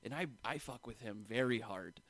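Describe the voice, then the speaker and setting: A man's voice: medium pitch, normal speed, fairly bright tone, no room sound. A man co-hosting a comedy podcast, teasing and firing off wry jokes. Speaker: podcast co-host. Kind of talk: casual comedic chat.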